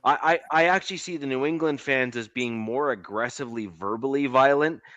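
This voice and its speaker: A man's voice: medium pitch, a little fast, a bit bright, no echo, muffled recording. A man from Canada co-hosting a casual sports podcast, opinionated and repeating himself to make a point. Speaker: podcast co-host.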